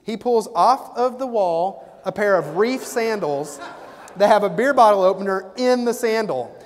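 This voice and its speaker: A man giving a keynote sales talk, animated storytelling that acts out the dialogue. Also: high-pitched, moderate pace, a faint crowd. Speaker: keynote speaker and sales trainer. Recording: reverberant hall.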